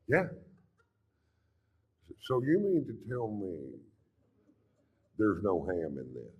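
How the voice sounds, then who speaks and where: A middle-aged male comedian with a very low, deep voice delivers stand-up in an unhurried, deadpan drawl. His stories build slowly toward crude punchlines. The sound is slightly muffled, as from a live stage recording. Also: breathy edge.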